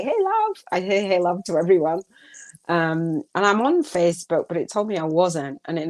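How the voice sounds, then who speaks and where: A middle-aged woman hosting a live gratitude talk, chatty, with many fillers and laughs. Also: lowish voice. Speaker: podcast host.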